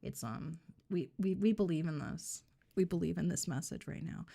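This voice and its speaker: A woman's voice: on the low side, normal speed, creaky, mellow. A woman streaming a game live, chatting casually in a joking, rambling, mock-boastful way.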